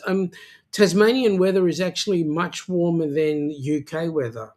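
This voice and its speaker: A man hosting a casual livestream chat, from South Africa, teasing his viewers and talking in halting bursts full of filler sounds and restarts. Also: on the high side, darkish tone. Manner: joking and teasing. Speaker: livestream host.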